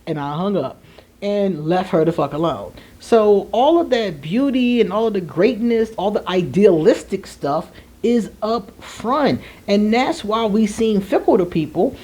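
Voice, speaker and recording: Animated woman telling a story. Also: mid-range voice. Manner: animated, laughing, slangy asides. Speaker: astrology vlogger. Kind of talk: candid storytelling chat to viewers.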